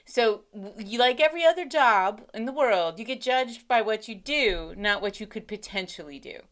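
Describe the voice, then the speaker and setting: A woman's voice: a little high, lively intonation, normal speed, a bit bright. A woman co-hosting a casual sports talk show, ranting with sarcasm and fire. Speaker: co-host.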